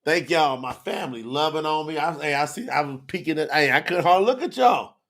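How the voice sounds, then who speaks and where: A man's voice: on the high side, expressive, a little fast, a bit bright. A man teaching scripture on a livestream, talking straight to the viewers in the chat, emotional and close to tears.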